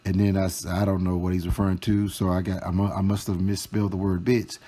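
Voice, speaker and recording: A man telling a storytime vlog, reading out chat screenshots in a slow, mocking, profane way. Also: low voice, little pitch movement, dark tone. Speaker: storytime vlogger.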